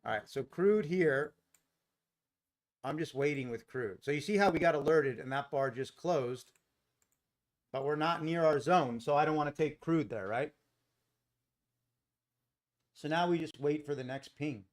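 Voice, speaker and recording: On the high side and unhurried, with long pauses, a man hosts a live day trading stream from his home in Costa Rica. He replies to viewers in the chat by name in a casual way, using a desk mic that has no boom arm.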